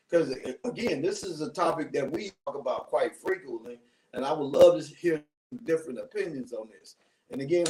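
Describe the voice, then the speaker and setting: A man's voice: a little high, darkish tone, recorded from a distance, a little hiss or hum. A man sits in as guest host of a casual live talk show, rambling through his points with plenty of restarts and fillers. He sounds set back from the microphone. The room around him is echoey. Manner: rambling, repeats himself, frequent ums and restarts.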